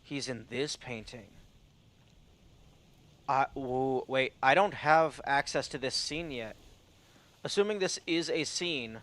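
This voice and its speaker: A man's voice: medium pitch, slow, long pauses, fairly bright tone. A man streaming a mystery puzzle game, thinking aloud in casual muttered commentary with the odd swear. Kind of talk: let's play commentary.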